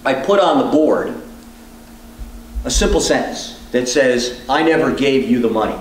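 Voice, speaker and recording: Man, law professor, deliberate measured pauses, echoey room, heard from a distance. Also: mid-range voice, slight background noise. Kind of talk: teaching demonstration.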